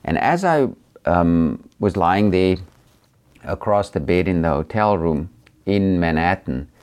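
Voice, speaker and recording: Preacher, middle-aged man, South African accent, deep register, gentle and hesitant testimony delivery. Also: animated, slow pace. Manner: earnest, gentle, with many hesitations. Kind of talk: personal testimony talk.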